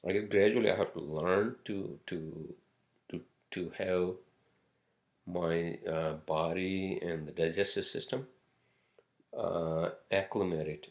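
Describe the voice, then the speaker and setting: A man's voice: deep voice, fairly even intonation, slow, vocal fry. A man hosting a casual solo podcast, rambling from topic to topic with frequent swearing and fillers. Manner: rambling, profane, many fillers and asides. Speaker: podcast host.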